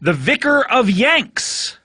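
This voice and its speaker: Bright, playful male podcast host. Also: very high voice, very animated, slow, husky, no echo, clean studio sound. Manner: playful, bantering, mock-grand. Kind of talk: comedy podcast chat.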